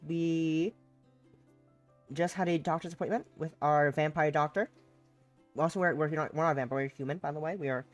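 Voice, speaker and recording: A woman streamer with a sick voice, chatting casually and playfully with many fillers while playing a visual novel. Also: sits low. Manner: rambling, playful, filler-heavy. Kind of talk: casual let's-play chat.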